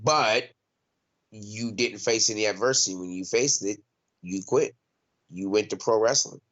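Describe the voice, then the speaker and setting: A man's voice: on the low side, unhurried, fairly bright tone. A young man, a fighter, talking in a casual interview. He is blunt and profane, fills his speech with "like", and often restarts his sentences. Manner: blunt and profane, heavy use of "like", frequent restarts. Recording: dull, lo-fi sound.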